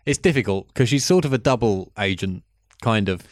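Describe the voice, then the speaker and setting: A man's voice: fairly low pitch, expressive, moderate pace, dry recording. A man in casual film discussion, dry and sardonic, reading out his notes. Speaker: film podcast co-host.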